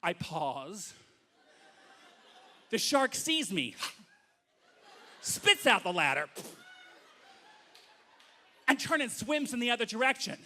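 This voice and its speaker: A man telling a comic story live on stage to an audience, animated and acting out voices. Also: sits high, takes it slowly, long pauses.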